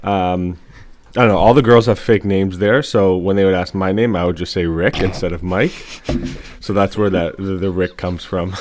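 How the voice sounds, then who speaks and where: A young man with a very low voice chats on a friends' sports podcast. He talks sheepishly, stringing thoughts together with "like" and breaking into laughter. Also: steady tone, normal speed, darkish tone, a little hiss or hum. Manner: sheepish, laughing storyteller with "like" fillers. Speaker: podcast co-host. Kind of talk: casual sports podcast chat.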